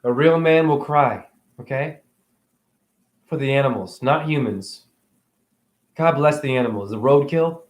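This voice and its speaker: A man holding a rambling, emotional spiritual monologue as host of his own stream, preaching at times and dropping into hushed whispers. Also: mid-range voice, measured pace, pauses often. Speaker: livestream host.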